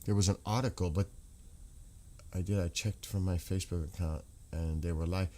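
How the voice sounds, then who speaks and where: A man with a low voice hosts a casual livestream. He reads viewer comments aloud and answers them as he searches websites. He talks into a desk microphone. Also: steady tone, moderate pace, mellow. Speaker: livestream host reading chat.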